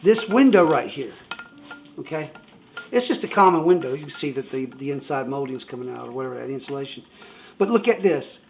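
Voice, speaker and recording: A man's voice: medium pitch, lively intonation, brisk, vocal fry, a little hiss or hum. A man telling a personal faith testimony to the camera from his country home, rambling, restarting his words and chuckling as he goes. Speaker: person giving a religious testimony. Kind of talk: casual storytelling to camera. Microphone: camera in front of a seated speaker.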